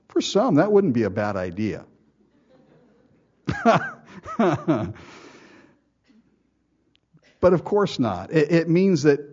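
Man preaching slowly, warm and mellow, with a folksy style and lo-fi sound. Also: lowish voice. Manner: folksy preaching with rhetorical questions and mock quotes. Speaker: pastor. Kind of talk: sermon.

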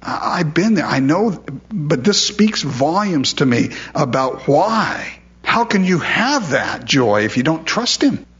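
A man's voice: on the high side, sing-song, slow, fairly bright tone, lo-fi sound. A man preaching a sermon in a conversational way, asking his listeners questions and repeating words as he goes. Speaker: pastor.

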